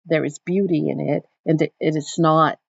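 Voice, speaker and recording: Woman lecturer, thoughtful and explanatory, with a gravelly voice and a dry, dull sound. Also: sits low, fairly even intonation, normal speed, no echo. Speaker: literature teacher. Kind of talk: recorded literature lecture.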